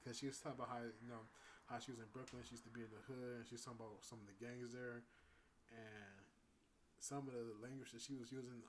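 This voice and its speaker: A man's voice: mid-range voice, fairly even intonation, fast, a little hiss or hum, rough recording. A man in his thirties telling a story casually on his vlog. He rambles and is full of fillers, often laughing. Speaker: vlogger. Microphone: phone with external mic.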